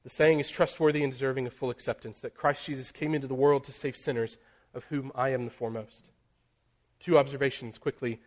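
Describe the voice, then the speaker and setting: A man preaching a sermon, building in intensity through emphatic lists and dropping to a near hush on key phrases. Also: mid-range voice, fairly even intonation. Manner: slows and drops very soft on key phrases.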